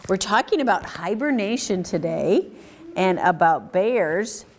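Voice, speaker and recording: Slight background noise sits under this unhurried, mid-range woman's voice as she reads a picture book aloud at library story time. She asks the children questions throughout, sounding animated and sing-song.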